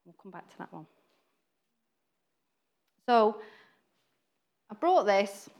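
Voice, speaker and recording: A woman's voice: mid-range voice, sing-song, slow, vocal fry, darkish tone. A woman giving an informal, chatty sermon, acting out quoted voices and laughing now and then. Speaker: preacher.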